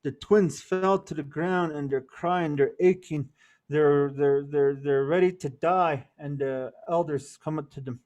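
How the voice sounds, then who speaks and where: A man's voice: a little high, unhurried, a little mellow, muffled recording. A man telling a traditional story as a lesson, repeating words for rhythm and mixing in Navajo words. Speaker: storyteller and cultural presenter.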